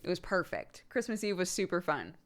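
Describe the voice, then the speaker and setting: A woman's voice: fairly low pitch, huge pitch swings, brisk. A woman streamer and mother chatting casually with her viewers, rambling with many fillers and frequent laughs. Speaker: streamer host; mother of a toddler.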